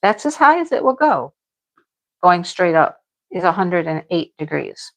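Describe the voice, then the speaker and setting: A woman's voice: fairly low pitch, big pitch swings, measured pace, gravelly. Middle-aged woman livestream host, frank and exasperated, chatty with viewers. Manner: frank, exasperated venting with laughs. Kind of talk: casual chat with live viewers.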